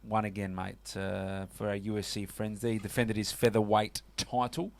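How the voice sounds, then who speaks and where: A man's voice: fairly low pitch, level tone, normal speed, creaky. A man with an Australian accent hosting a casual sports radio show, chatty and full of fillers. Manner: chatty, lots of fillers and "mate".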